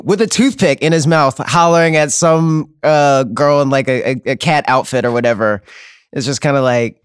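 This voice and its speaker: A man talks loosely as a podcast guest, trailing into fillers and breaking into laughs. His voice sits at a middling pitch. The recording is dry and close. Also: measured pace, smooth, dry recording. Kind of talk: casual chat.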